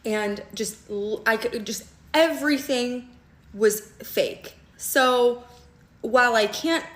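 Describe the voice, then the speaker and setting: A woman's voice: on the high side, fairly bright tone. Emphatic young woman telling her story. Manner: emphatic, fast, checks in with "okay?" often. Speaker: storytime vlogger. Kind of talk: storytime vlog recounting a personal story. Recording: echoey room.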